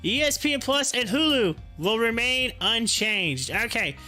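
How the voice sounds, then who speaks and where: A man's voice: very high-pitched, expressive, unhurried, bright, forceful tone, faint music behind. A man hosting a stock market live stream, chatting casually, rambling, teasing his viewers and laughing often. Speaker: stock market livestream host.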